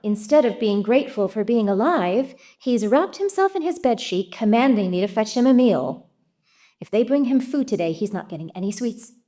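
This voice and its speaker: A woman's voice: on the high side, animated, normal speed, warm tone, lightly acted. A woman voicing an exasperated female poodle wife, tart and sarcastic, reading aloud at a live storytelling event.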